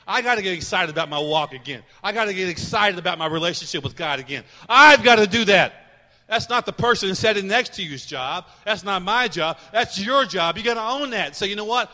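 Fervent high-voiced male preacher. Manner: fervent, rising to shouts, drawn-out emphatic phrases. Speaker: pastor. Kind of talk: sermon. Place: large church. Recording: long reverb of a church hall.

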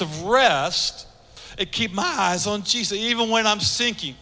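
A man preaching a sermon with passion, building from quiet asides to shouted calls. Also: high-pitched, measured pace, creaky. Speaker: pastor. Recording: long hall reverb.

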